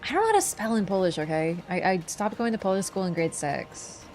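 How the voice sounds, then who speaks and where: A woman's voice: mid-range voice, very animated, brisk, a little mellow, soft background music. Playful woman streamer chatting. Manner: playful, teasing, rambling. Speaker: game streamer. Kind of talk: casual chat while gaming.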